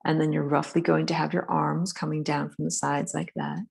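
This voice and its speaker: A woman's voice: sits low, flat delivery, moderate pace, vocal fry, a little mellow, slightly rough. A woman teaching a casual drawing lesson from her home studio, talking loosely with many fillers while she sketches. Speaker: art and spirituality teacher. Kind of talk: live-streamed drawing lesson. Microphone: phone camera.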